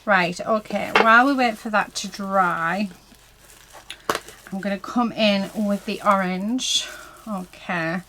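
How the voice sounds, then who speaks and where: A crafting vlogger sits at an indoor craft table painting a project, chatting casually to herself and her viewers. Her mid-range voice moves slowly over a noisy background, and she leans heavily on fillers like "so yeah" and "um."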